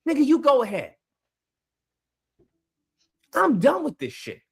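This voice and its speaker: A man hosting a livestream call-in, shouting profane, angry rants at a caller. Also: very high-pitched, wildly swooping pitch, measured pace, creaky. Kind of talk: heated call-in debate.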